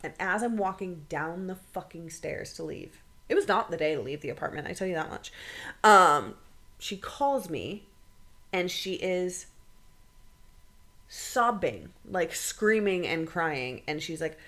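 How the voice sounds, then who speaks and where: A young adult woman co-hosting a podcast, telling an emotional story casually, swearing freely and quoting people in quick bursts. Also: fairly low pitch, expressive, fairly bright tone. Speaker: podcast co-host.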